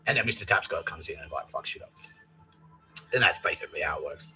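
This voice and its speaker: Deep-voiced, sweary podcast man. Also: expressive, fast, pauses often, over music, poor audio. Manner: profane, rambling, full of fillers. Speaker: podcast host. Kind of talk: rambling comic monologue.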